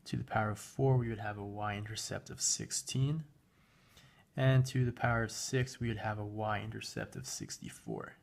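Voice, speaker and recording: A man speaks at normal speed in a lowish voice with vocal fry, teaching a recorded math lesson. He's relaxed, punctuating his talk with fillers and self-corrections while using a graphing calculator.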